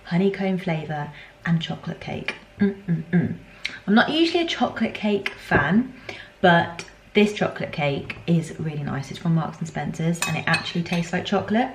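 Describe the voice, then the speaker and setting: Young woman, low-ish voice, casual rambling vlog chat, lots of "like". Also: lively intonation, moderate pace, roomy sound, slight background noise, rough recording. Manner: chatty, rambling, full of "like". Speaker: vlogger.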